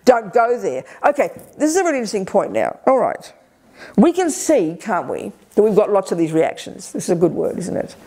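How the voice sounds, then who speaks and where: Energetic older woman, Dharma teacher, blunt and lively, warm low tone. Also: fairly quick, husky. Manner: energetic, direct, lively emphasis. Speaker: Buddhist teacher leading a retreat. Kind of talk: Dharma teaching with audience questions. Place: retreat hall.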